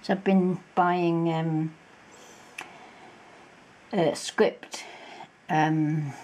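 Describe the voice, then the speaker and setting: Slow, low-voiced chatty woman crafter. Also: fairly even intonation, darkish tone, slight background noise, poor audio. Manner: chatty, gushing, with many fillers. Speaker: crafting vlogger. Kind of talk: casual show-and-tell.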